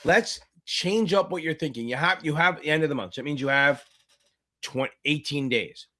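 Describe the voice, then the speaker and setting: A man tutoring for a finance exam, hosting a livestream Q&A, loud and profane, hyping viewers up and answering chat questions. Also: a little high, normal speed. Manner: loud, profane, hyped-up coaching.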